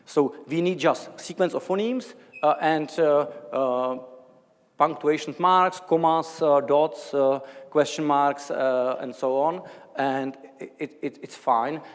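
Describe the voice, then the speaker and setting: A man's voice: a little high, takes it slowly, smooth, long reverb tail. A man from the Czech Republic with a Czech accent, giving an academic lecture in a hesitant way, with many fillers and restarts. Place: large lecture hall.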